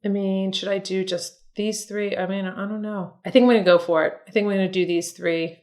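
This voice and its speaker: A woman's voice: medium pitch, fairly even intonation, fairly quick, darkish tone. Chatty, encouraging woman makeup artist. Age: middle-aged. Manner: chatty and encouraging, talks to viewers as ladies. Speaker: makeup artist and beauty vlogger. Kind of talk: casual makeup tutorial talk.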